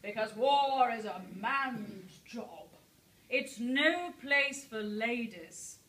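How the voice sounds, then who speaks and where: A woman voicing a stuffy wartime official who dismisses women in a slow, condescending way. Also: a little high, animated, fairly bright tone, slight background noise, exaggerated voice. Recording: roomy hall, heard from far off.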